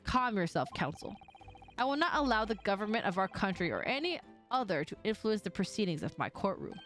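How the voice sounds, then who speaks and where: A woman voicing a stern older male judge in a game read-aloud, with slow, formal pronouncements. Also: mid-range voice, big pitch swings, faint music behind, lightly acted. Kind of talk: reading a game aloud in character.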